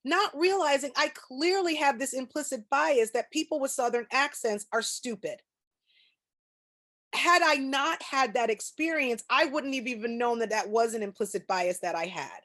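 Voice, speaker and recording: A woman's voice: high voice, normal speed, fairly bright tone. A woman presenting a training session over a video call, explaining ideas through personal anecdotes. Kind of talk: conversational lecture.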